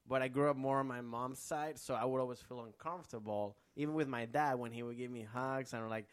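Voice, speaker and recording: Comedian guest from Venezuela, man, mid pitch, casual rambling chat, dry close mic. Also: fairly even intonation, a little fast, smooth, no room sound. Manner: rambling, full of restarts and "like"; acts out relatives' lines in a higher voice.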